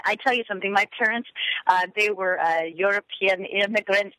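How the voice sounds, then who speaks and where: A middle-aged actress calling in as a guest, chatting enthusiastically with many fillers. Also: female voice, medium pitch, fairly bright tone, no room sound, poor audio. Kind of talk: phone-in interview.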